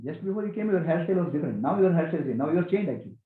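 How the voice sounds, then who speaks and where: A man giving a spiritual talk to a gathering, animated and questioning, repeating key phrases. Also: on the high side, rapid-fire. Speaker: spiritual teacher. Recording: echoey, tinny phone-like sound.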